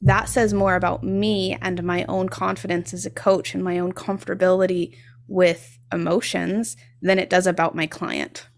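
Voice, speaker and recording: A woman who works as a coach and counselor, speaking in a measured, reflective way on a panel. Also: on the low side, level tone, gravelly. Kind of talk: casual panel discussion.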